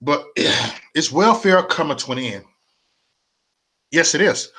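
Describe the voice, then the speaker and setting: A man ranting on a live stream, stammering and repeating words, his mouth dry and his voice going hoarse. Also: fairly high pitch, lively intonation, slow pace, sharp tone. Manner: stammering repetitions, fiery ranting. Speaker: political vlogger. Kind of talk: live-streamed political rant.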